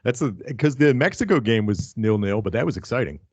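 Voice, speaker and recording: Animated swearing male podcast host. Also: medium pitch, brisk, no echo. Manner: animated, profane, jokey. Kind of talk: casual podcast chat.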